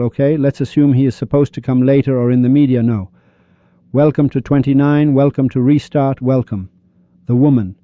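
A man's voice: mid-range voice, no room sound, phone-quality sound. A man hosting a podcast, delivering a preachy monologue full of rhetorical questions. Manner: preachy, rhetorical, mock-shouting quoted crowds. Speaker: podcast host.

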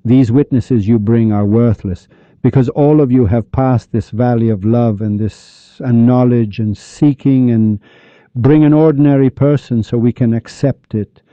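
A man's voice: mid-range voice, fairly even intonation, measured pace, no room sound, close to an everyday voice. A man voicing an angry plaintiff who scolds a judge in a teaching story, on a dull lo-fi recording. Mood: indignant. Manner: scolding, accusing. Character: indignant man complaining to a judge.

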